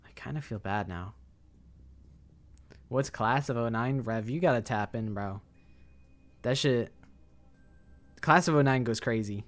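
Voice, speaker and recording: A man's voice: medium pitch, a little slow, long pauses, soft background music. A young man streaming a game, chatting casually, rambling and swearing with lots of fillers.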